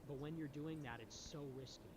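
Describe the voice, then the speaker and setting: A man lectures emphatically with a somewhat high voice, jumping up and down in pitch as he drives each point home. A clear hiss of noise runs under the recording. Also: fairly quick. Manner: emphatic, preachy, repeats "okay?" often. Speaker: political streamer in a played clip. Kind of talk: animated monologue. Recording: noisy clip recording.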